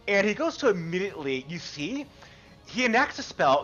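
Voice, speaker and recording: A man narrates a tabletop game as game master, in an animated, rambling way with fillers. His voice is high and very lively in pitch. The sound is slightly dull, with faint music behind him. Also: quick pace.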